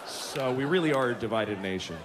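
A man's voice: mid-range voice, expressive, fairly quick, crowd noise. Exasperated, foul-mouthed man in his forties. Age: 40s. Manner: exasperated, profane storytelling. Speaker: stand-up comedian. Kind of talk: stand-up comedy routine. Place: theater stage before an audience. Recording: live show with room noise.

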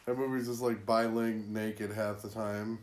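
A man's voice: lowish voice, flat delivery, measured pace. A man co-hosting a movie podcast, making dry, wry quips and swearing casually. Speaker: podcast co-host.

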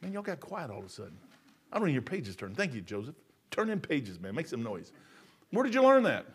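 A man's voice: mid-range voice, fairly quick, slightly rough. A man, preaching a sermon in a folksy, storytelling way. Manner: folksy, storytelling, gets loud and animated telling jokes.

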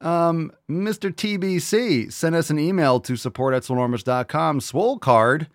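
A man's voice: on the high side, moderate pace, dry recording, clean studio sound. A man hosting a podcast, playful and teasing, cooing at his dog between bits. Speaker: podcast host. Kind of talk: casual chat.

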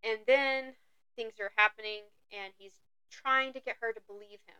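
A woman co-hosting a podcast, chatting excitably about a book and acting out lines in little voices. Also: a little high, normal speed, smooth, no room sound, lo-fi sound. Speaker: podcast co-host. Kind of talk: casual book discussion.

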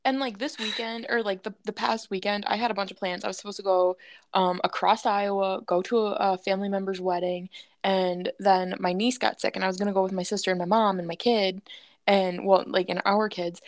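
A woman's voice: mid-range voice, little pitch movement, fairly quick, no echo, studio quality. A woman co-hosting a podcast in casual chat, chatty and laughing often, swearing freely. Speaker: podcast co-host.

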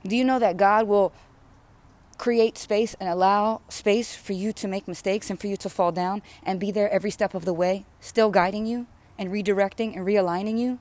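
A woman's voice: medium pitch, steady tone, normal speed, a little mellow. A woman delivering an impassioned, rhythmic spiritual sermon, repeating phrases with growing fervor. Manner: repetitive, rhythmic, fervent preaching. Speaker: spiritual speaker.

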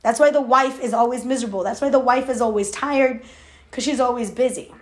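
Woman, 30s, vlogger; confiding personal talk, laughs between thoughts, voice a bit high. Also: fairly quick. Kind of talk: candid personal talk to camera.

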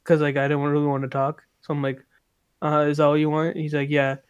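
Young dude on a podcast telling a story, lively and laughing, slightly high voice, dry close sound. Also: male voice, a little fast, smooth, no echo, highs cut off. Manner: animated storyteller, laughing mid-sentence, swearing. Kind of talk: casual chat.

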